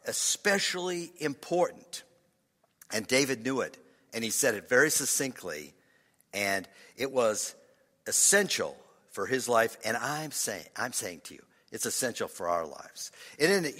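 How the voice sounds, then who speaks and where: Slow, bright-toned preacher in a reverberant hall. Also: male voice, medium pitch. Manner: halting, repeats words, drops to a hush for effect. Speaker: pastor. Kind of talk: sermon.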